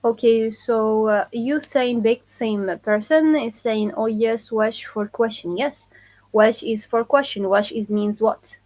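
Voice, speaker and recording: A woman from Morocco with a Moroccan accent, teaching her language in a live online lesson, slow and careful, repeating phrases and answering viewer comments. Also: a little high, steady tone, darkish tone, low-quality recording. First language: Moroccan Arabic.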